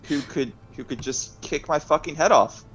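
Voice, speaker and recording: A man's voice: fairly high pitch, normal speed, fairly bright tone, dull audio. Rambling, joking co-streamer, faint noise on his mic. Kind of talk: casual chat.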